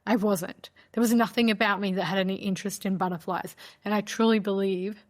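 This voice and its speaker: A woman's voice: mid-range voice, fairly even intonation, a little fast, darkish tone. Woman, podcast host, candid personal storytelling, chatty, "like" fillers, heartfelt, mid-range voice. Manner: candid, conversational, frequent "like" fillers; emotional, heartfelt telling.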